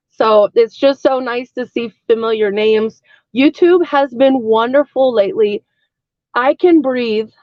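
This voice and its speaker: A woman in her thirties, her voice fairly high, chats loosely with her live-stream viewers, rambling between topics with plenty of likes, ums, and other fillers. The recording is dry and close, with a dull lo-fi edge from her stream mic.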